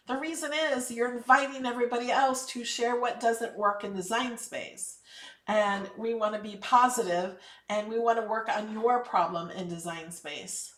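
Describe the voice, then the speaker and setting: An upbeat woman hosting a live craft lesson, chatting and encouraging viewers with firm emphasis when she gives advice. Her voice sits a touch higher than most women's. It is recorded in an echoey room, a little away from the mic. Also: unhurried, fairly bright tone, distant mic. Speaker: craft channel host. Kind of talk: casual live tutorial.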